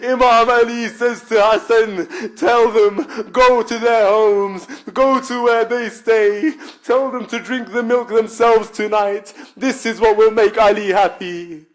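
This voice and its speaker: Man, British accent, high voice, sermon storytelling, emotional chant-like delivery. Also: steady tone, unhurried, few pauses. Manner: emotional recital, rising into chanting. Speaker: speaker at a memorial gathering. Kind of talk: sermon storytelling with quoted dialogue. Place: religious centre hall.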